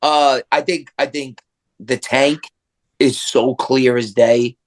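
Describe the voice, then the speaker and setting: A man's voice: medium pitch, steady tone, takes it slowly. A man on a sports podcast giving his opinions and rambling with lots of fillers. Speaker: podcast co-host. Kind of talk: casual sports chat.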